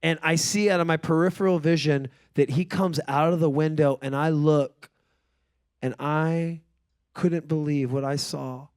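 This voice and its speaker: High-voiced man doing stand-up. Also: clear, resonant tone. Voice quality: profane, sardonic. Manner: animated, escalating into high-pitched shouting in character bits. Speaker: stand-up comedian. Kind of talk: stand-up comedy storytelling.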